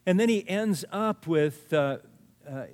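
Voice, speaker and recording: A man's voice: high voice, expressive, slow, darkish tone, in a large hall. A man preaching a sermon as pastor, earnest, repeating key words for emphasis. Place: church sanctuary.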